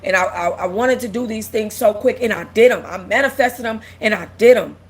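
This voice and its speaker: A young woman, host of a casual livestream, speaks a little fast in a medium pitch, with a little hiss or hum in the audio. She's candid and nearly in tears, repeating herself as she reads and replies to what viewers write.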